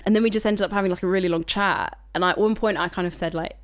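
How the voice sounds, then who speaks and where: A woman's voice: medium pitch, fairly even intonation, very fast. A woman from the United Kingdom, a climate activist guest, chatting casually on a podcast, frank and rambling, swearing freely. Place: indoor recording.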